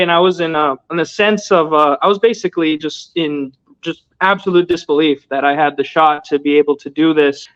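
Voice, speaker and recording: A man's voice: fairly high pitch, normal speed, few pauses, a bit bright. A young man in his twenties, a guest telling his story in a casual interview, loose and earnest with lots of filler words. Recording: dull lo-fi audio.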